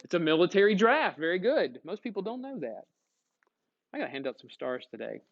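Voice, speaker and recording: Energetic high-voiced male history teacher. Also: fairly quick, vocal fry, dull audio. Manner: energetic, asks questions to the class. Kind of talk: classroom lecture.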